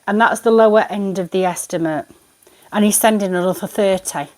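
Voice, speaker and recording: Woman, tarot reader, exasperated rant, rambling, mid-pitched voice. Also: normal speed, darkish tone. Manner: exasperated, indignant, rambling ranting. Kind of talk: ranting vlog monologue.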